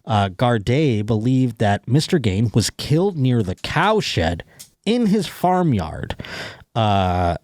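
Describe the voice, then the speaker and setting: A man's voice: lowish voice, darkish tone, no echo, studio quality. A man hosting a comedy podcast, reading news stories aloud with jokes and laughter. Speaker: podcast host. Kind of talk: casual comedic chat.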